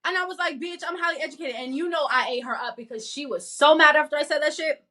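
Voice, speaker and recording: A woman co-hosting a podcast, talking in a blunt, profane, animated rant. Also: sits high, quick pace. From not from the American South. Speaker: podcast co-host. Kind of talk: casual chat.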